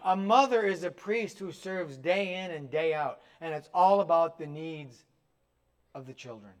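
A man with a notably high voice delivers a sermon as a pastor. He speaks in an emphatic, exhorting way, pressing his points straight at his listeners. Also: unhurried. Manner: emphatic, direct exhortation to the congregation.

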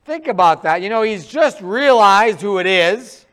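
A man preaching a sermon in a conversational, animated storytelling way, acting out quick asides. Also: high voice, clean tone.

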